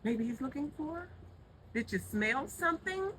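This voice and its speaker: Breathless, chatty home vlogger, outdoors on a phone, with clear traffic noise behind. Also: sits high, lively intonation, unhurried, fairly bright tone, poor audio. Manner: chatty, talks aloud to an animal, startled. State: a little out of breath. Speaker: gardening vlogger. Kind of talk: casual handheld vlog commentary.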